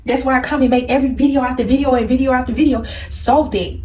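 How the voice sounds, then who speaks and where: A woman whose voice sits high, steady and darkish speaks fast, tearfully lecturing her viewers with blunt spiritual advice in a repetitive, preachy manner. This emotional to-camera recording is roomy and distant, with slight background noise.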